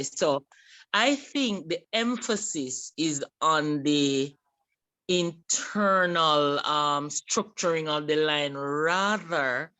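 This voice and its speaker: A man's voice: a little high, slow, bright, forceful tone, clear, resonant tone. A man with a Caribbean accent, hesitantly discussing a poem in a class conversation and searching for his words. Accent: Caribbean English. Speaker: teacher in a poetry discussion.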